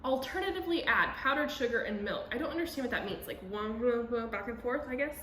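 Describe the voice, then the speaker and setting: A young woman talks her way through baking in a home kitchen, excitable and laughing at her own mess. Her voice sits a little high and swings lively up and down. The kitchen gives it a noticeable echo. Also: fast talker, a little hiss or hum. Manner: chatty, excitable, self-mocking. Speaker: vlogger. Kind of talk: casual cooking vlog.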